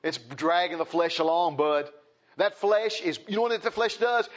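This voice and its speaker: A man preaching a sermon in a folksy, impassioned way. He repeats phrases and swings between loud and soft. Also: high-pitched, normal speed, highs cut off.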